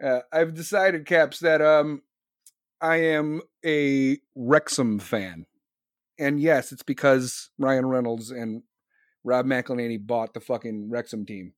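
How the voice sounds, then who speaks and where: A man's voice: mid-range voice, measured pace, no room sound, clean studio sound. A man hosting a livestream, rambling in casual, heavily profane chat. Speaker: livestream host.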